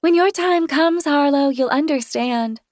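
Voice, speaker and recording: A woman's voice: high voice, measured pace, no echo, voice pushed up. A scornful, zealous woman, put on by a female narrator, taunts in a raised, cutting voice. The delivery is cold and certain. The recording is dry and close. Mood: taunting.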